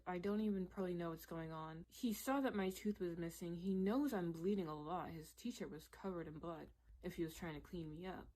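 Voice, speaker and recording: A young woman vlogger telling a personal story in a candid, animated way, with lots of "like" and "literally". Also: lowish voice, moderate pace. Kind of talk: casual storytelling.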